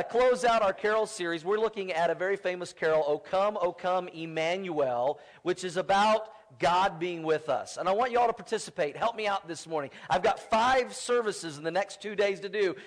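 A man preaching a sermon in a church, telling stories in a relaxed, conversational way with playful humor. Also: sits high, moderate pace, hardly any pauses. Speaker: pastor. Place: church sanctuary.

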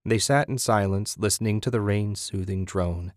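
A man reading fiction aloud in a steady, measured way, as an audiobook narrator. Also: lowish voice, no room sound, studio quality. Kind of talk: scripted narration.

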